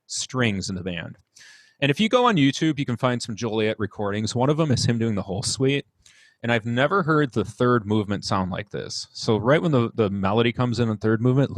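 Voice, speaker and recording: A young man with a Midwestern American accent, a band director recalling his school days in an interview, earnest and halting with frequent restarts. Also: mid-range voice, no room sound. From United States. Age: young adult. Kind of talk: reflective interview storytelling.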